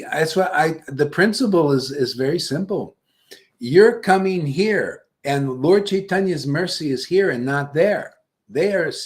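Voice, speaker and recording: A man giving an informal devotional lecture as a spiritual teacher, blunt and profane, laughing often, swinging from loud bursts to muttered asides. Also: on the high side.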